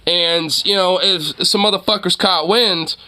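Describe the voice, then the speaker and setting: A man's voice: sits high, fairly even intonation, unhurried, bright, forceful tone, clean tone. A man hosting his own channel, rambling through a casual, profane commentary rant and laughing often. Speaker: channel host.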